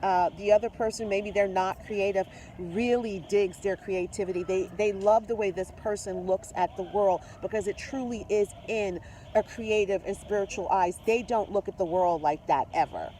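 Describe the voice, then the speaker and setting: An effusive tarot reader talks straight to the viewer in a casual reading. The voice sits mid-pitch with a mellow, rounded tone. Faint noise hums behind it. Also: steady tone, normal speed. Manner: mixes spiritual talk with swearing and slang.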